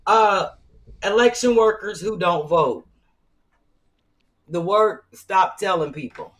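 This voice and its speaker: A woman co-hosting a comedy podcast in casual chat, telling animated stories and acting out what people said. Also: mid-range voice, slow pace, rough recording. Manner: animated storytelling, acts out quotes. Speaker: podcast co-host.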